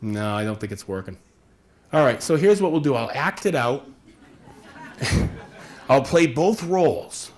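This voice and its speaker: A man's voice: medium pitch, lively intonation, unhurried, pauses often, darkish tone. A man giving a conversational workshop presentation, acting out little scenes with quoted voices as he explains. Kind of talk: live workshop talk.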